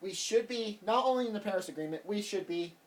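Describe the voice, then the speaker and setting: A man's voice: high-pitched, lively intonation, fast. A man vlogging a heated, rambling political rant, repeating himself as he talks. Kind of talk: casual political rant to camera. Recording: voice distant from the mic.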